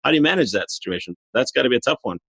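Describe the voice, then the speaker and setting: A man's voice: mid-range voice, animated, racing, vocal fry, a bit bright, slightly rough, no echo, studio quality. A man with a Midwestern American accent, a surgeon interviewing a guest in a casual, curious, playful way.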